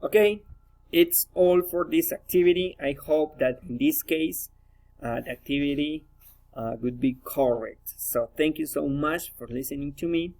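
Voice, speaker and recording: Man, pronunciation practice, slow deliberate reading, slightly high voice. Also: darkish tone, rough recording. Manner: slow, careful, deliberate reading of word pairs and sentences. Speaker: language student. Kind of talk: reading pronunciation drills aloud.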